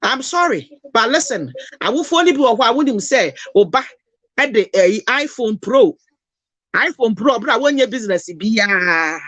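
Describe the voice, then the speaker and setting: A woman's voice: fairly high pitch, sing-song, moderate pace, a bit bright, dry recording. A Ghanaian woman talking passionately, mixing Twi and English in an emotional, preachy lecture. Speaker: host.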